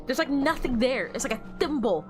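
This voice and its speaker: A woman streams a game, offering wry, joking commentary and singing silly bits in a casual way. Her voice is high-pitched, expressive and a little fast, with faint music in the background.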